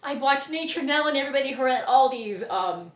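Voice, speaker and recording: A woman's voice: high voice, expressive, fast, fairly bright tone, echoey room. A woman from Ohio, chatting casually as she unboxes plants, gushing, laughing often and gasping with delight. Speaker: orchid grower and vlogger.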